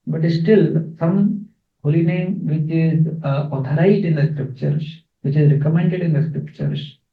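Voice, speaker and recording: A man giving a scripture class, explaining verses slowly with fillers and repeats. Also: on the high side. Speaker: spiritual teacher. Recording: echoey, phone-like, distant.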